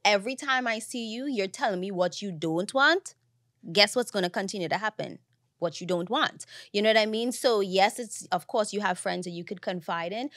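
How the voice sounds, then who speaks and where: A woman's voice: medium pitch, no echo. Chatty woman podcast host, dry sound. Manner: chatty and animated, acts out her own inner voice. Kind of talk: casual solo podcast talk. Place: recorded while travelling in Los Angeles.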